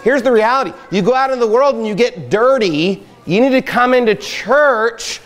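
A man's voice: very high voice, expressive, normal speed, faint music behind. A male pastor preaching a fiery sermon at a church camping trip, emphatic and exhorting. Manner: emphatic, rising to loud exhortation. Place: outdoor campsite gathering.

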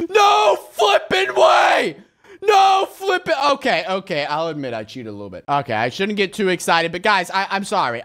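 A young man giving casual gameplay commentary as a video game creator, excitable and quick to burst into shouts and exclamations. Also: high voice. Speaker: gaming YouTuber.

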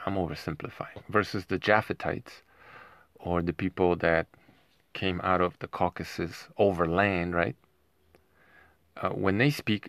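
A man's voice: low-pitched, fairly bright tone, no room sound. A man talking in a rambling monologue at home, often tagging his points with a questioning aside. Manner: rambling, keeps asking "right?". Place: home with dogs nearby.

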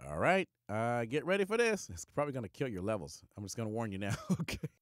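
A voice actor bantering and laughing between takes in a recording session. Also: male voice, mid-range voice, sing-song, quick pace, no echo, studio quality. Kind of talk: casual chat in a recording session.

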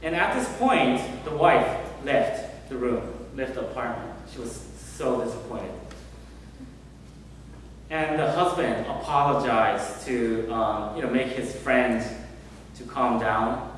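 A male reverend telling a story in a sermon, gentle and unhurried with many pauses. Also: medium pitch, a little hiss or hum. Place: temple hall. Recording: echoey hall from far off.

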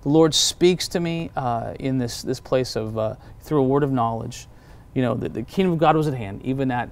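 Male pastor, mid-pitched voice, lively storyteller who acts out quoted voices, casual testimony talk. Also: moderate pace, gravelly. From United States.

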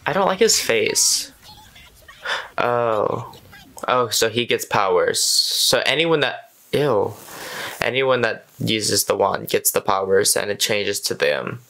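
A man's voice: fairly low pitch, slow pace, creaky, bright, forceful tone, rough recording. A man hosting a reaction video, chatting casually and exclaiming at what he watches.

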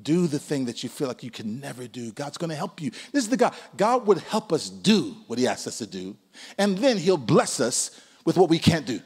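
A man in his sixties preaches in a church sanctuary. His fairly high voice moves constantly, rising into loud calls and dropping to near whispers. The sound rings with long reverb from the hall. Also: moderate pace, slightly rough. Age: 60s. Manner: lively preaching, swinging from loud calls to hushed asides. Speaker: pastor. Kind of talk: sermon.

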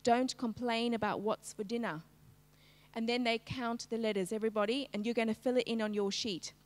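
A woman teaching a live-streamed phonics lesson, slowly segmenting each sound in a word and prompting the class to join in. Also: fairly high pitch, steady tone, in a large hall. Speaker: literacy teacher.

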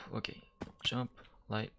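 With drawn-out words and a pushed, bright tone, a man plays a game and chats casually for a let's-play. Self-deprecating jokes and startled swearing come through his desk mic as he wears headphones.

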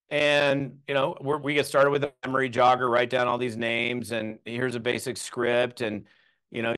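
A man in his thirties leads a live training session, talking loosely and conversationally. He pads his sentences with fillers, restarts his thoughts, and tells self-deprecating stories. His voice sits at a middling pitch. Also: fairly bright tone. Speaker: network marketing trainer. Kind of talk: live training talk to a group.

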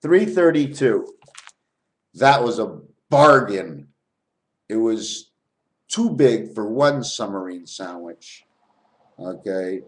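A man's voice: fairly low pitch, animated, slow pace, long pauses. A man vlogging a rambling spiritual monologue, jumping between topics and swearing.

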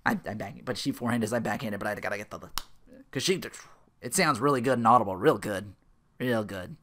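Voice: mid-range voice, brisk, a bit bright. A reader retelling a film script in a casual, rambling way with many fillers and restarts. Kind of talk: casual script read-aloud.

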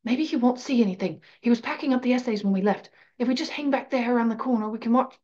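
A nervous young schoolboy wizard, as a woman reader puts him on. He keeps his voice low and tries to sound calm. The sound is a bit dull and lo-fi. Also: fast, close to an everyday voice. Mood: anxious. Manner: hushed, trying to sound calm. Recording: slightly dull lo-fi recording.

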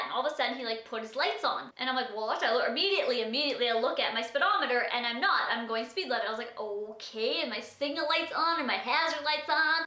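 A young woman tells a story to camera in a casual vlog, filling her talk with "like". Her voice sits high and bright. The room around her adds a noticeable echo. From Saskatchewan, Canada. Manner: chatty, says "like" constantly. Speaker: vlogger. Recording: roomy echo.

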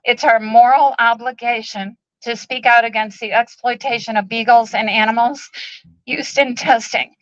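A woman with a fairly high voice addresses a rally outdoors, emotional and halting, pausing often with ums. The sound is dry and a bit dull, like a live stream. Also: fairly even intonation, no room sound. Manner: emotional, halting, many ums, tearful at times. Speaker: animal rights group president speaking at a rally. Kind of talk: public speech at an outdoor protest. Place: outdoor protest march.

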